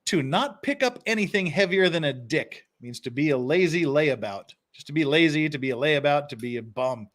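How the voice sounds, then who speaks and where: A man's voice: on the high side, lively intonation, normal speed, hardly any pauses, a bit bright. Chuckling man hosting a live stream. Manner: chuckles often, reads phrases aloud. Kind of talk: casual live-stream commentary.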